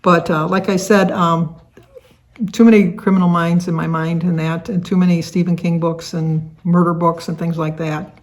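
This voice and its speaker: In a tag video she hosts, an older vlogger from the Detroit area in the US talks casually to camera, rambling and restarting with lots of fillers. She has a fairly low pitch, a level tone and a moderate pace.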